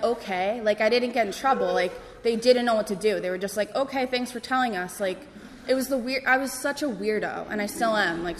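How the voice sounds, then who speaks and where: A woman in her twenties telling her personal story to a group, casual and self-deprecating, with lots of filler words. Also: medium pitch. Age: 20s. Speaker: speaker sharing her story. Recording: long reverb in a hall, faint background noise.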